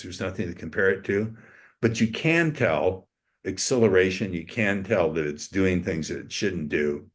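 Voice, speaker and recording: An older man with a very deep voice tells his story in casual talk. He is blunt and emphatic and swears often, as a guest speaking freely in an interview.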